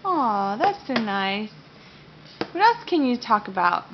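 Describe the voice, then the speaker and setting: A woman with a high, lively voice swooping up and down as she coaxes and praises her toddler, in an unhurried sing-song manner. It sounds like a dull, lo-fi home video made at the breakfast table, with a faint hiss behind her. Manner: coaxing, praising, sing-song baby talk. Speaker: mother.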